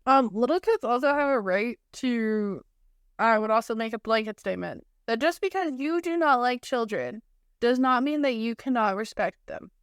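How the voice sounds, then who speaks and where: A woman's voice: on the high side, lively intonation, moderate pace, clean tone, dry recording, clean studio sound. A woman co-hosting a podcast, chatting casually with blunt, sarcastic storytelling. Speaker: podcast co-host. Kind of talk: casual chat.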